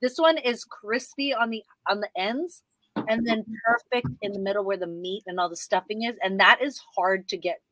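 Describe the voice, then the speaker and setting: A woman's voice: mid-range voice, moderate pace, a bit bright, dry recording. A woman co-hosting a casual livestream, chatty and playful. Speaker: radio co-host.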